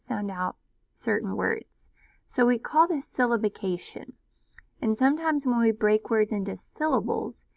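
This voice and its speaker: A woman teacher giving a recorded phonics lesson, patiently sounding out words slowly. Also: a little high, creaky, no echo, poor audio.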